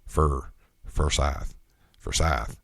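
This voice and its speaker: A man's voice: extremely low pitch, little pitch movement, moderate pace, no echo, studio quality, voice pushed down. A man voicing a Southern man with a Southern US accent who insistently corrects someone's pronunciation. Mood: scolding.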